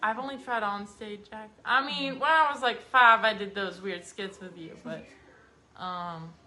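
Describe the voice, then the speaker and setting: Hesitant teenage girl with bright voice. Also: mid-range voice, unhurried. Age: teens. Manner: hesitant, lots of likes and ums. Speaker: daughter. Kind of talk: casual chat.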